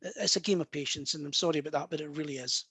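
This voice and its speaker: A man's voice: a little high, racing, bright, forceful tone, husky, dry recording. A man with a Scottish accent, a medium answering audience questions in a friendly, reassuring way, calling listeners guys and love. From Scotland. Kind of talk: casual talk.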